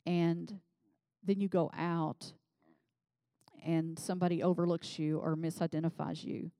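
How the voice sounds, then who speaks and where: A woman preaching a sermon in a conversational way, reading scripture and becoming animated as she voices the people in it. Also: fairly low pitch, measured pace, dry recording. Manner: conversational, animated when voicing scripture figures.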